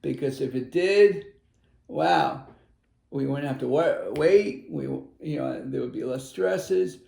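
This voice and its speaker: Male card reader, middle-aged, gravelly warm tone, meandering earnest delivery. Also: on the high side, echoey room. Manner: earnest and meandering, with acted-out inner voices. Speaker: spiritual advisor giving a card reading. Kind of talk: tarot card reading.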